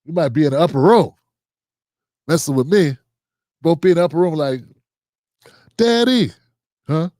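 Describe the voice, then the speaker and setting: A man's voice: a little high, brisk, pauses often, dark tone, dry recording, studio quality. A man hosting a livestream show, reading out viewer comments and signing off in a loose, slangy, chatty way. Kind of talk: casual sign-off and comment shout-outs.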